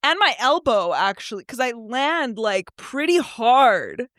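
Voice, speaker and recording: A young woman co-hosting a podcast, telling a story in casual chat, animated and swearing freely. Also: fairly high pitch, unhurried, dry recording, studio quality. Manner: animated, swears freely, acts out quoted voices. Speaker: podcast co-host.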